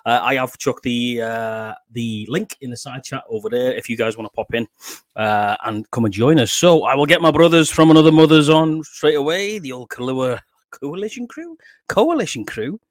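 A man's voice: medium pitch, animated, moderate pace, dry recording, studio quality. A man in his forties with a Liverpool accent hosts a casual live stream. He chats, swears freely and laughs often. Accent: Liverpool English. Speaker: podcast host.

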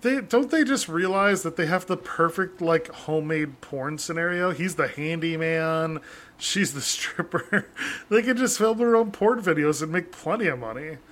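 A man's voice: on the high side, animated, moderate pace, fairly bright tone. A man co-hosting a casual podcast, joking around and swearing freely. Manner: profane, joking banter. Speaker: podcast co-host.

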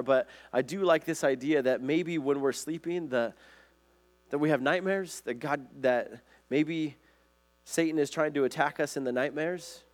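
Earnest preacher man, slightly high voice. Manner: earnest, asks the listeners questions, with restarts. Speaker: pastor. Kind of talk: conversational sermon.

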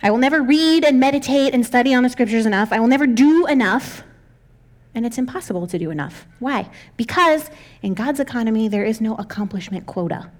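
Young woman pastor, self-deprecating and frank, slightly high-pitched, casual sermon delivery. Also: lively intonation, fairly quick. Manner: candid, self-deprecating, laughs often. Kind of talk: conversational sermon.

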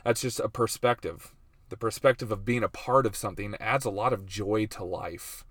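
A man's voice: on the low side, moderate pace, fairly bright tone, dry recording. A man in his thirties hosting a casual faith and life vlog, chatty and self-deprecating, laughing often. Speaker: host.

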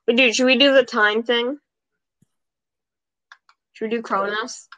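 A woman with a slightly high voice talks through a video game match. She chatters with quick repeated bursts and squeals when things get exciting. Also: poor audio. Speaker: podcast host and gamer.

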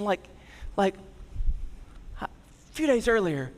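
A man in his thirties preaching a sermon as a pastor, telling a family story and moving between lively emphasis and soft, low tones. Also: slow pace, big-room sound.

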